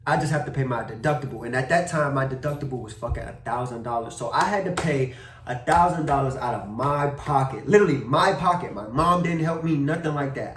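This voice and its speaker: Animated young man, roomy off-mic sound. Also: medium pitch, far from the mic, a little hiss or hum. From Maryland. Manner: animated retelling with slang and cursing. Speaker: vlogger. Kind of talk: casual storytime vlog. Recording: roomy echo, a bit off-mic.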